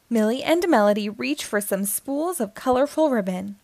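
A woman reading a picture book aloud to children, expressive and sing-song. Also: fairly high pitch, moderate pace, hardly any pauses, no echo. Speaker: storyteller.

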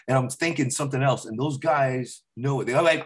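A man's voice: mid-range voice, brisk, few pauses. A man, a voice-over comedian, chatting as a guest, rambling through stories and slipping into voices. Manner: rambling storyteller, slips into voices. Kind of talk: casual interview chat.

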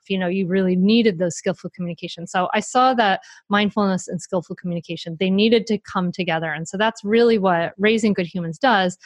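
A woman guest author answering interview questions in a lively, self-deprecating way, laughing often. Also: medium pitch, no echo.

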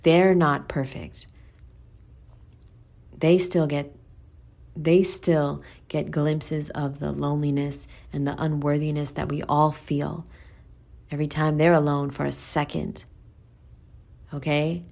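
A woman's voice: sits low, little pitch movement, slow, creaky, long pauses, darkish tone. A woman with a New York accent giving a candid, blunt monologue to her listeners, swearing freely and calling them boo.

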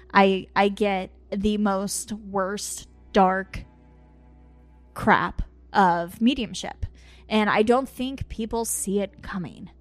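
A woman who hosts a podcast and works as a medium, telling a candid personal story in a casual way and laughing often. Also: mid-range voice.

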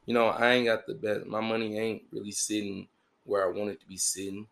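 Man, podcast host, low gravelly voice, crude comedic riffing. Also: little pitch movement, a little fast, a bit bright. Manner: joking, repetitive, crude, playful asides.

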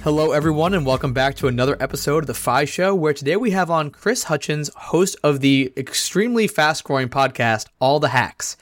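A man co-hosting a casual podcast, upbeat and chatty, his voice a little hoarse. The sound is dry and close, with no room around it. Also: on the high side, expressive, fairly quick, hardly any pauses, no room sound, faint music behind. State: slightly hoarse. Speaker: podcast co-host.

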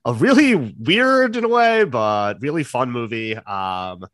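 A man hosting a podcast in a relaxed casual chat, with frequent fillers. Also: medium pitch, unhurried, dry recording, clean studio sound. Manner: relaxed, many fillers and agreeing remarks. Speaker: podcast host.

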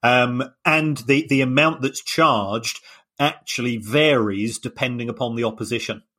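A man's voice: mid-range voice, unhurried, sharp tone. A man co-hosting a podcast, explaining with many hesitations and restarts. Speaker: podcast co-host. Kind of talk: casual chat.

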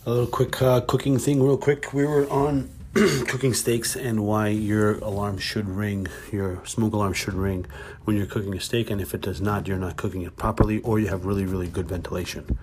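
A man hosting his own podcast, talking casually and swearing a lot as he tells animated workplace stories, then giving cooking tips more calmly and quietly. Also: fairly low pitch, normal speed, background noise. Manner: animated storytelling with lots of swearing. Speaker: podcast host. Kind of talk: casual monologue.

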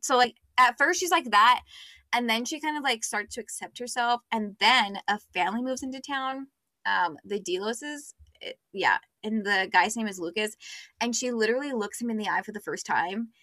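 A young woman talks through a book she loved on a podcast, chatty and full of fillers. Her voice is bright and on the higher side. The sound is dry and close. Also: moderate pace, no room sound. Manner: chatty, many fillers, acts out quotes. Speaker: podcast co-host. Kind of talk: casual book chat.

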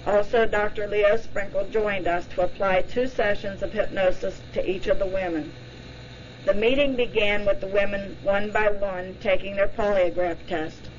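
A woman podcast host giving scripted narration in a slow, measured reading. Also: medium pitch, dull audio, slight background noise.

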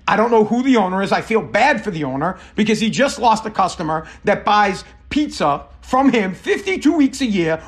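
A man's voice: high-pitched, fairly bright tone. A middle-aged man hosting his podcast, telling an angry story in a casual, profane rant full of quoted dialogue. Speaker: podcast host. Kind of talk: casual ranting monologue.

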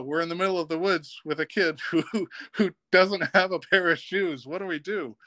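A man, a guest on a podcast, tells a funny camp story in a lively, casual way and laughs as he goes. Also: fairly high pitch, dry recording. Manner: lively, laughs while telling stories.

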